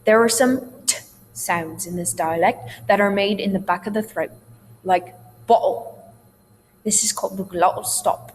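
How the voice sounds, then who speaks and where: A woman theatre teacher patiently and reassuringly explains sounds in a recorded dialect lesson. Her mid-range voice moves at a moderate pace, with long hall reverb and a faint hum in the recording.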